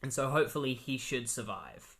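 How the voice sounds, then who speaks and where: A man's voice: mid-range voice, animated, a little fast, a bit bright. A man casually retelling a comic book story as a reviewer, rambling with many fillers.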